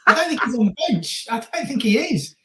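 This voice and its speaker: A woman co-hosting a football watch-along stream, chatting in a lively way, laughing and shouting at the match. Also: fairly high pitch, a little fast. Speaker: stream co-host. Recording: roomy echo.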